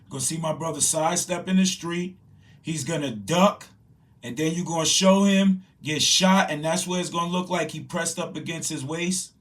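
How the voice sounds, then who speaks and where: A man's voice: a little high, normal speed, far from the mic. A man giving raw, urgent, grieving testimony about his brother's death. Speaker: victim's brother facing charges. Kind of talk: emotional personal testimony.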